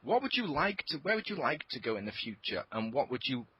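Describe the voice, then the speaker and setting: A man co-hosting a casual gaming podcast, telling animated stories and swearing freely. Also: medium pitch, brisk, slightly rough, rough recording. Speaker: podcast co-host. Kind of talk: casual group chat.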